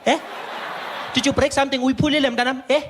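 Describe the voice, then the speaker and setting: A man's voice: extremely high pitch, level tone, brisk, a little hiss or hum, voice pushed up. A man voicing a mocking, unfriendly female hospital clerk who keeps tagging her lines with "eh?" in a stand-up act. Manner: sneering, teasing, tags lines with "eh?". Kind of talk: stand-up comedy impression.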